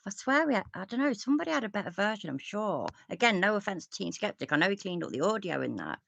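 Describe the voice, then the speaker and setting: A woman's voice: mid-range voice, big pitch swings, fast talker, vocal fry, a bit bright, slight background noise. An English woman hosting a casual reaction show, rambling, swearing often and laughing a lot. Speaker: host.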